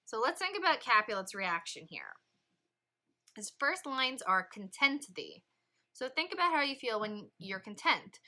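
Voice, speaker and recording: A woman teacher leading a read-along literature lesson, explaining in a lively, chatty way. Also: on the high side, moderate pace. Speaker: English teacher.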